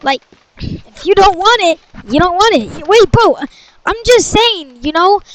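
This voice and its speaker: A woman improvising a game story, shouting dramatically and switching playful voices, with clicks heard in the background. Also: very high voice, lively intonation, a little slow, slight background noise, rough recording. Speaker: storyteller voicing all parts.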